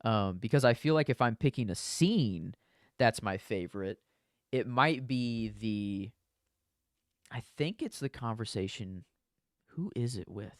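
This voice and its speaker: A man's voice: fairly low pitch, lively intonation, a little slow, dry recording, clean studio sound. A man co-hosting a podcast, talking about a movie in a loose, rambling way full of restarts. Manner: rambling, many restarts and "you know". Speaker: podcast co-host. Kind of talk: casual movie discussion.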